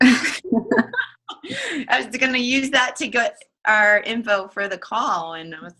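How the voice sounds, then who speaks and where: A woman hosts an online team call in a casual, chatty way. Her voice is bright and forward, and she giggles now and then and leans on filler words. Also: fairly high pitch, animated, slow, poor audio. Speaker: team leader hosting a coaching call. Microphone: online group call.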